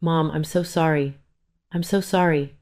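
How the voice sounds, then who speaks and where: A woman's voice: low voice, fairly even intonation, measured pace, a little mellow. A woman voicing a tearful grown daughter who pleads with her mother, in an audio story.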